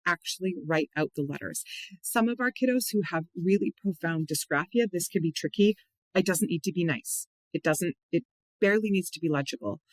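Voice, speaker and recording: A man with a fairly high voice explains a spelling method as a reading tutor. He talks patiently and slows right down to spell out each letter. The recording is dry, with no room echo. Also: animated. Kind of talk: instructional explanation. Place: at home or office, on camera.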